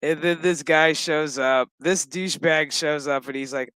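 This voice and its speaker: A man riffs through a TV episode recap in a loose, foul-mouthed, joking way. His voice sits a little high for a man. The sound is close and dry, with no room echo. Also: moderate pace, hardly any pauses. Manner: profane, joking, animated storytelling. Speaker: show recap host.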